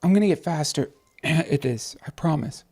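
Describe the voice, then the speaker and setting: A man hosting a casual night livestream, rambling, swearing and talking excitedly to his viewers. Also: a little high, moderate pace, slightly rough. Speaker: podcast host on a night livestream.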